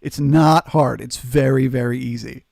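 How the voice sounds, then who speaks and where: A man's voice: medium pitch, fairly even intonation, a little slow, vocal fry, a little mellow, dry recording, studio quality. A man hosting a live trading stream, answering chat and coaching viewers in an earnest, emphatic way. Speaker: trading livestream host.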